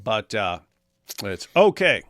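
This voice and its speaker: A man's voice: lowish voice, big pitch swings, slow pace, a bit bright, dry recording, clean studio sound. A middle-aged man co-hosting a casual apologetics live stream, reading viewer comments aloud with sarcasm and laughter. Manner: sarcastic, mocks comments with exaggerated voices and laughs. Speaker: co-host of an apologetics talk stream.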